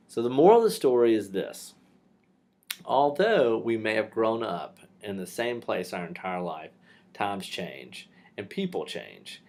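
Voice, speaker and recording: A man's voice: lowish voice, a little mellow. A male teacher casually telling a personal story for his class, with fillers and restarts.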